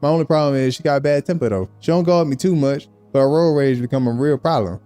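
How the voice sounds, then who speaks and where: A man's voice: mid-range voice, quick pace, mellow, no room sound, soft background music, close to an everyday voice. A man voicing a down-home Southern country husband with a put-on Southern US accent, folksy and drawling, swearing casually.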